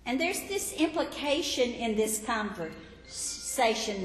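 A woman Bible teacher giving a teaching sermon in an emphatic, expressive way. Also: medium pitch, a little slow. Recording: echoey hall, faint background noise.

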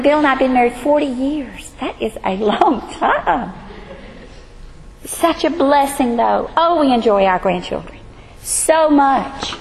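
A woman in her sixties teaching a Bible study in a high, earnest voice. She talks emphatically to a room of women. A long hall reverb trails her words over a faint background hum. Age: 60s. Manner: earnest, emphatic, emotional at times.

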